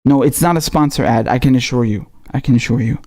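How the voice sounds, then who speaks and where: A raspy-voiced man with a dark, mellow tone hosts a casual live stream. He talks in a loose, slangy way, stopping and restarting as he reads viewer messages aloud. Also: mid-range voice, quick pace. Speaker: livestream host.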